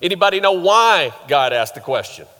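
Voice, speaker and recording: A man's voice: high voice, sing-song, moderate pace, pushed and bright. A man preaching a sermon in a conversational way, asking the audience questions and joking. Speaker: pastor. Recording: long hall reverb.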